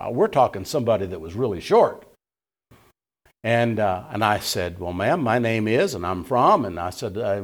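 A middle-aged male pastor preaching a sermon, telling a story in a folksy way and acting out the dialogue. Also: medium pitch.

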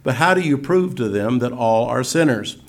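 An older man preaching and teaching, reading scripture slowly and solemnly between folksy asides. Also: medium pitch, animated. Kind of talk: sermon-style teaching.

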